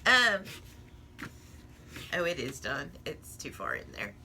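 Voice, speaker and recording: A woman's voice: rumbling low, wildly swooping pitch, slow, creaky, pushed and bright, a little hiss or hum. A woman in a casual crafting vlog, chatting and rambling while she works, often laughing at herself. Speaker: crafting vlogger.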